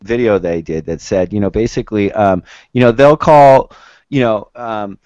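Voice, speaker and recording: A man's voice: on the low side, moderate pace, darkish tone, no room sound, highs cut off. A man hosting a casual political podcast, talking in long rambling runs with many restarts. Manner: rambling, lots of fillers and restarts. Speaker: podcast host.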